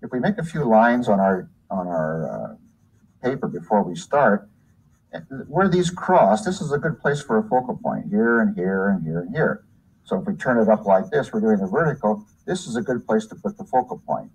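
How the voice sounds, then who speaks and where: A man's voice: fairly low pitch, animated, normal speed, a little mellow, breathy edge, rough recording. A man teaching art in a hands-on demonstration, talking unhurriedly while he works and pointing things out as he goes.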